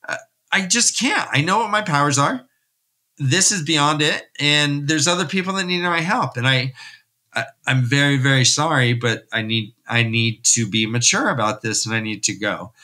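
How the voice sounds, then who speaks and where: A man's voice: mid-range voice, normal speed, sharp tone, natural voice. A man voicing a young village healer woman, raising his voice for her as he recaps a fantasy story. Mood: snapping, regretful.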